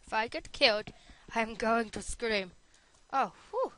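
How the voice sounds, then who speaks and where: A woman commenting on her own gameplay in a loose, goofy way, joking and chatting straight to the viewers. Her voice sits a little high and sounds bright and sharp, and she talks slowly and unhurriedly, with a tired edge. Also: expressive, poor audio. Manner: playful, silly, chatty to viewers. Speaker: gaming video host. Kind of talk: casual gaming commentary.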